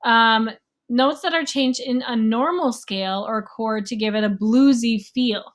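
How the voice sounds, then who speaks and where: Woman music teacher, slightly high voice, casual, chatty, hums examples. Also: measured pace. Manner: casual, explains with sung and counted rhythms. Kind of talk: recorded online music lesson.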